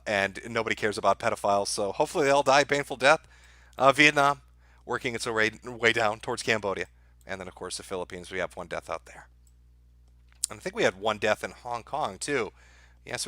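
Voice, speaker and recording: A man's voice: lowish voice, no room sound. Crude, mocking male live-stream host. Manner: crude, mocking, deadpan asides to chat. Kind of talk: sardonic live-stream commentary.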